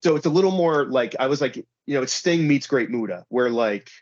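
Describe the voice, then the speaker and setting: A man in a casual interview who rambles, filling his talk with "like" and "you know". His voice sits at an ordinary middle pitch. The recording is dry and a little dull. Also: expressive, brisk, darkish tone, no room sound. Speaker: pro wrestler guest.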